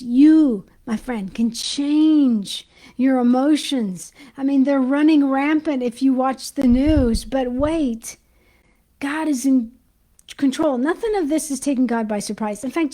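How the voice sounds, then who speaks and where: A woman giving an informal Christian teaching, talking excitedly and chatting to her viewers while she hunts for her notes. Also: sits high, rough recording. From United States.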